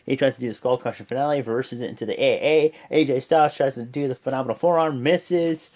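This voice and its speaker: At a fast clip and medium pitch, a man who runs his own wrestling reaction channel rambles through a recap of a show. His talk is packed with fillers, tangents, and plenty of "and whatnot." Quotes get delivered in loud, excited voices.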